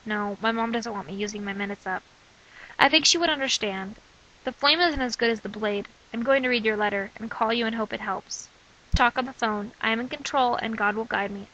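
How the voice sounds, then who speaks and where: A woman in her twenties reading her old diary letters aloud in short, steady clipped phrases. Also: fairly high pitch, dull audio. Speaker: vlogger.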